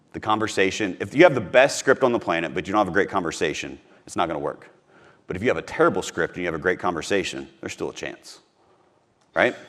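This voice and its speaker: A man's voice: fairly low pitch, fairly bright tone. A man from Missouri giving a live sales training talk to a room, emphatic and repeating his key points.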